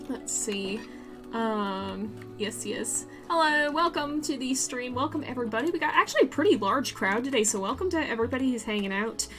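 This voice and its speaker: A woman's voice: medium pitch, pushed and bright. A woman with a Southern US accent streaming a building game, chatting and rambling to her viewers and laughing easily. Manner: chatty, rambling, quick to laugh, talks straight to her chat. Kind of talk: casual live-stream chat while building in a game.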